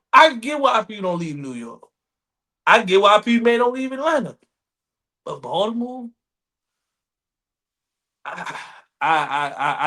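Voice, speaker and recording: A man from Maryland co-hosting a podcast in casual chat, animated and profane, repeating himself as he goes. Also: high voice. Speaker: podcast co-host.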